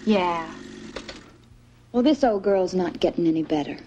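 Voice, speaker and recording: An actress playing a young woman, a horse-riding daughter, soft-spoken and resigned. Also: lowish voice, lively intonation, measured pace, lo-fi sound. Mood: wistful. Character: young woman rider, wistful, weary daughter. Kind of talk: TV film drama acting. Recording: film audio with background noise.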